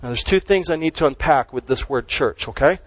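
A man's voice: on the high side, fairly quick, no echo, poor audio. A man preaching a sermon as pastor, stressing and repeating key words as he teaches.

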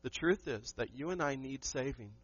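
A man's voice: medium pitch, lively intonation, normal speed, a bit bright, slightly rough, dry recording, lo-fi sound. A man preaching a sermon to his church, emphatic and asking the congregation questions. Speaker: pastor.

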